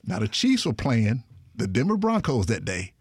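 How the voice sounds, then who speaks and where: Man, casual storyteller, very lively pitch, dry close sound, acts out quotes. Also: moderate pace, breathy edge, dry recording. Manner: animated, acts out quoted voices with big pitch jumps; laughs often while telling. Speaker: guest storyteller.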